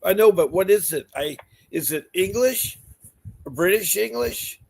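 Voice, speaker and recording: A man's voice: high-pitched, animated, a little slow, vocal fry, a little mellow, husky. A man hosting a call-in advice show, asking folksy questions and steering the conversation. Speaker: talk show host.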